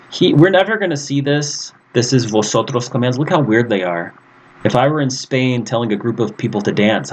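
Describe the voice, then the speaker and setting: A man teaching a recorded lesson over slides, in a casual, lively way, acting out example phrases. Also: lowish voice, slight background noise, low-quality recording. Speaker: Spanish teacher.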